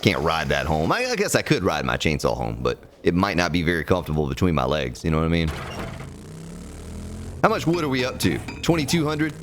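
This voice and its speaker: A man with a deep voice streams a survival game, giving brisk, folksy, joking commentary full of huge pitch swings and chatting with viewers by name. He's a let's play streamer doing casual gameplay commentary, with game music playing behind him and slight background noise.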